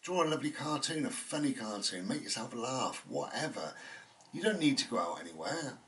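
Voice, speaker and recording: A man's voice: mid-range voice, sing-song, fairly quick, a bit bright, distant mic. A man, hosting his own channel and talking at home in a meandering, chatty monologue full of fillers. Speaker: channel host. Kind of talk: rambling reflective monologue. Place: indoors at home.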